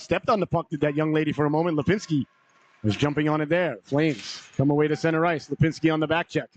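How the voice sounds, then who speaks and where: A slightly hoarse man calling a live hockey game play by play, brisk name-by-name calls with folksy asides. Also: on the high side, highs cut off. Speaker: play-by-play announcer.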